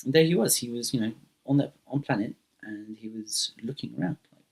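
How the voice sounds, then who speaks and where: A man improvising a spoken myth in a loose, rambling way, full of fillers and restarts. His voice is husky and breathy at an ordinary, mid pitch. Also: lively intonation, quick pace, darkish tone. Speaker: storyteller.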